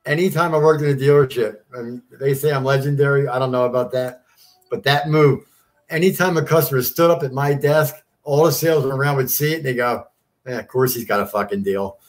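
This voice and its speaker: A man's voice: mid-range voice, steady tone, brisk, soft background music. A man in his fifties, a former car salesman, chatting easily as an interview guest, swearing casually. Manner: easygoing, swears casually, laughs often.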